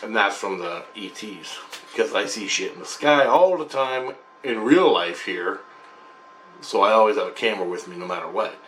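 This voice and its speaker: A man who hosts his own channel, casually retelling a dream in a rambling, halting way full of restarts. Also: lowish voice, expressive, fairly bright tone, a little hiss or hum. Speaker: channel host sharing spiritual experiences. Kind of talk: casual spoken recounting of a dream.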